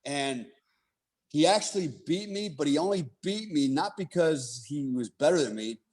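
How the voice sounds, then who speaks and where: A man's voice: a little high, lively intonation, moderate pace, darkish tone. A man telling a long story in a casual way, swearing freely and saying "you know" and "right?" often. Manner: profane, laid-back, heavy on "you know" and "right?".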